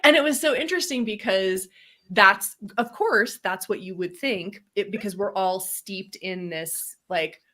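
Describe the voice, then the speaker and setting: An animated woman co-hosts a relaxed, reflective podcast conversation. Her voice sits at an ordinary middle pitch, and she slips into lively quoted voices as she tells stories. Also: a little slow. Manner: animated, acts out quoted voices with big pitch jumps, laughs often. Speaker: podcast co-host.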